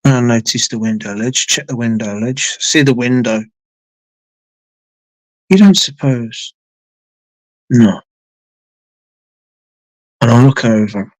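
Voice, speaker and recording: Male streamer, mid-pitched, chatty storyteller who swears and repeats himself, dry recording. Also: slow pace, pauses often, no room sound, low-quality recording. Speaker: live streamer. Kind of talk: casual storytelling.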